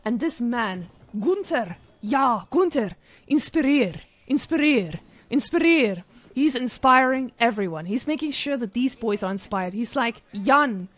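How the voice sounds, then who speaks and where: An esports caster, a woman with a fairly high voice, lively intonation and measured pace, plays a brash South African guy while casting a live strategy game. In her put-on South African accent, she cheers with jokey, mock-hyped playfulness.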